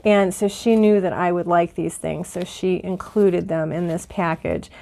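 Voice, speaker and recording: Middle-aged woman, casual chat, excitable, lots of fillers, teary-eyed. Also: on the low side, measured pace, creaky. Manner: chatty and excitable, with many fillers. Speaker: vlogger. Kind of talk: casual haul and mail-opening chat.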